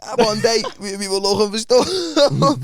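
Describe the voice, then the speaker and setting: Lively high-voiced man. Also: unhurried, crowd noise. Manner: animated, swearing, acts out voices in anecdotes. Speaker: podcast co-host. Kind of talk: casual banter, storytelling.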